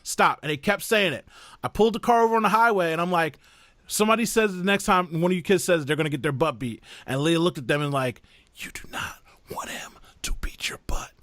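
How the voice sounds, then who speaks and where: A man's voice: on the high side, fast, no echo. A man in casual podcast chat, telling family stories and acting out other people's voices as he goes. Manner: animated storyteller who acts out the voices of others. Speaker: podcast host and father.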